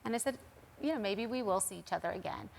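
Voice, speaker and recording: A middle-aged woman tells a personal story as a talk show guest. Her pitch sits in the middle, and she speaks earnestly, acting out what others said. The voice is plain and conversational. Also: animated, fast, creaky, a little hiss or hum. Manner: earnest, recounting events with quoted dialogue.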